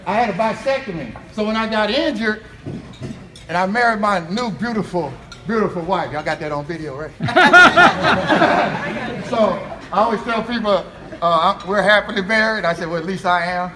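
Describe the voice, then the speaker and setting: Man, American accent, high voice, joking motivational speech, echoey hall, noisy room. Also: lively intonation, moderate pace. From United States. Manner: joking, laughs often. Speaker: motivational speaker. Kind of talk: humorous storytelling speech. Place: event hall with a live audience.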